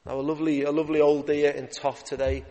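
Man preaching in an echoing hall. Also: fast talker. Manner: lively, emphatic, rising to urgent pitch. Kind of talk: evening sermon. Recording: long hall reverb.

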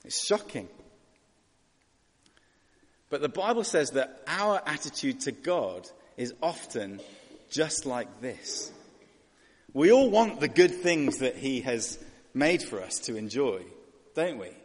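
A man's voice: mid-range voice, very animated, takes it slowly, long pauses, breathy edge, long reverb tail. A man preaching a sermon in a conversational way, asking rhetorical questions and voicing characters.

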